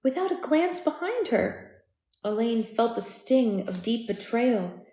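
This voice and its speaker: A woman hosting a live read-aloud of a novel, reading at a steady pace and breaking off for quick chatty asides and corrections. Her voice sits fairly high. The sound carries a roomy echo. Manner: reads steadily, breaks off to chat and correct herself. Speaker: book club host.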